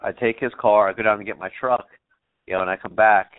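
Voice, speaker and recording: Man, podcast guest, rambling storyteller, fillers and swearing, lowish voice, tinny dry phone line. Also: steady tone, fast, clear, resonant tone, no echo. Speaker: podcast guest, bow hunter. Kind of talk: casual storytelling.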